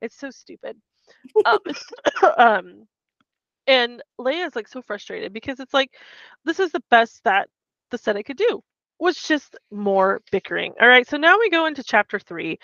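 A woman's voice: on the high side, sing-song, unhurried, fairly bright tone, no room sound. Woman podcast host, casual recap, acts out quotes, muffled lo-fi sound. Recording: dull muffled mic.

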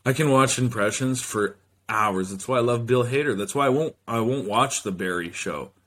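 Dude rambling solo on his podcast, cussing, totally casual, average pitch. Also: normal speed, fairly bright tone. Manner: loose, rambling, swears freely. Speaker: podcast host.

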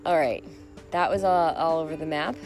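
A woman's voice: low-pitched, steady tone, normal speed, a little mellow. A woman hosting a solo podcast, talking in a rambling, reflective way and laughing often. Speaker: podcast host. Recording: music playing behind.

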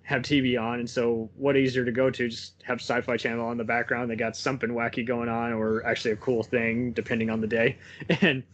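A man's voice: mid-range voice, level tone, a little fast. Chatty man laughing through movie talk. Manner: rambling, laughs often between points. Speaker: podcast co-host. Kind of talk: casual film chat.

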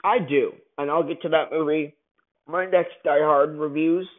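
A man angrily ranting through a movie review, swearing often and bursting out loudly now and then. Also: fairly high pitch, fairly even intonation, moderate pace. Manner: angry, profane ranting with sudden loud outbursts. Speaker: film reviewer. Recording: tinny phone-like sound.

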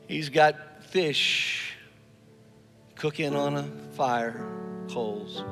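A male pastor telling a story in a sermon, often repeating words for emphasis and acting out the people he quotes. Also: fairly high pitch. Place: church hall with live and online audience. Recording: long reverb in a large hall, faint music.

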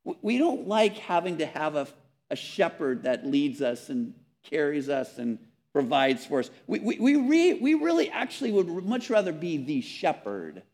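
Earnest male preacher, slightly high voice. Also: huge pitch swings, normal speed. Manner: earnest, emphatic, with repeated words and soft drops on key phrases. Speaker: pastor. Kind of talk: sermon.

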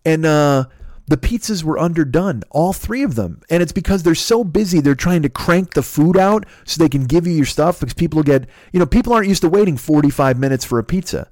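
A man's voice: on the high side, lively intonation, a little fast, darkish tone, dry recording, studio quality. A middle-aged man, telling a profane, ranting story on a podcast and breaking into impressions of his friends. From Chicago area, USA. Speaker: podcast host. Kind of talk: casual storytelling.

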